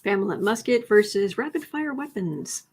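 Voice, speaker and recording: A woman giving a casual tarot reading, chatty, breaking off now and then to coo and whisper softly to her cat. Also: medium pitch, lively intonation, normal speed, breathy edge. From United States. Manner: chatty, drops to soft coos and whispers talking to her cat. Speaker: tarot reader.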